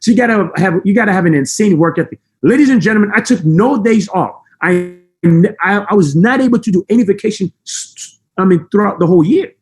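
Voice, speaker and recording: Male motivational speaker, high voice, accented English, intense and emphatic. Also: lively intonation, a little mellow. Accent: non-native English. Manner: intense, emphatic, fast-talking. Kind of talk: high-energy motivational talk. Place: room with a camera.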